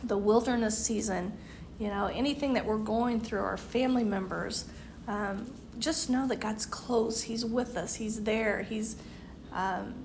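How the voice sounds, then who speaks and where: This women's group speaker, in her fifties, has a higher voice with fairly even intonation and a measured pace, set against background noise. Her devotional talk is earnest and punctuated by frequent laughter, though her voice is going and drops quiet as phrases end.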